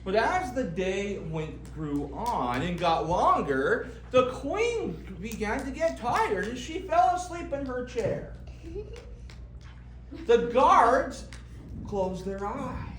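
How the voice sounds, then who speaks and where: A woman leads a children's story in a theater, unhurried and swooping widely in pitch as she plays with the kids. She sounds far off in a roomy, echoing space, with noise around her. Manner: animated, playful, talks to the kids. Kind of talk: interactive children's story performance. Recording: echoey theater from afar, noisy.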